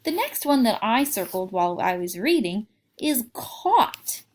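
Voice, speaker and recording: A woman teaching young children a phonics lesson, reading aloud and sounding out words clearly. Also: a little high, very animated, unhurried, a little mellow.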